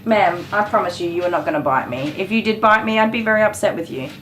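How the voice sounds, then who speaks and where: A middle-aged woman who works as a dog groomer and chats casually while she works. She is dry and sarcastic, laughs often, and gently scolds the dog on the table. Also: medium pitch, fast talker. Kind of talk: casual chat while working. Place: grooming salon indoors. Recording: echoey room with clipper noise. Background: electric clippers buzzing.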